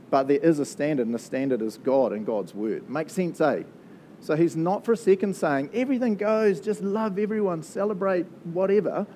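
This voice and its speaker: A man's voice: fairly high pitch, warm tone, a little hiss or hum. A man with a New Zealand accent preaching a casual, conversational sermon, chatty and joking, often laughing at his own asides. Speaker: pastor.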